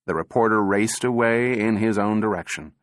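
Man, audiobook narration, low voice, steady, measured, dry recording. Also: dry recording.

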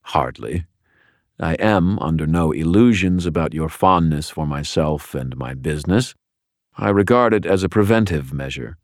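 A man reading an audiobook and voicing a polished male crime boss who speaks in a formal, measured, unruffled way. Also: very deep voice, no room sound, clean studio sound. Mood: cool, courteous. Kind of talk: audiobook character voice.

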